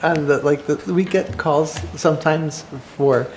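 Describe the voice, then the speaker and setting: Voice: mid-range voice, steady tone, unhurried, roomy sound, background noise. Meeting attendee, chatty amused storytelling, mid-range voice, faint room ambience. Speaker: town staff member at a meeting. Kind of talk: telling an anecdote at a meeting.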